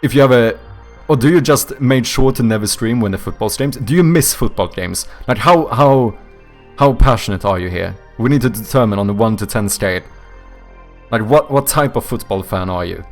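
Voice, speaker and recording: A young man speaking at a middling pitch, chatting on a live stream from his home setup. He reacts to viewer messages in an animated way, swearing and laughing as he goes. Faint music plays low in the background. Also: normal speed. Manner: reads out and answers viewer chat. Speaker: streamer and game developer. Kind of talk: casual live-stream chat.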